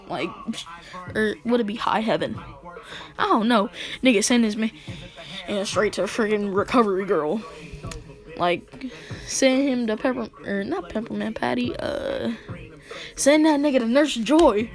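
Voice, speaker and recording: A woman's voice: medium pitch, a little slow, long pauses, soft background music. A woman casually telling a fan-fiction story in slangy, joking talk, often breaking into laughter.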